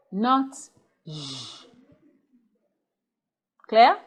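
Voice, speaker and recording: A woman teaching English pronunciation, drilling word pairs one at a time and checking in with the class as she goes. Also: a little high. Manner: drills minimal pairs, checks understanding with "Okay?" and "Clear?". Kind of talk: slow, deliberate phonics lesson.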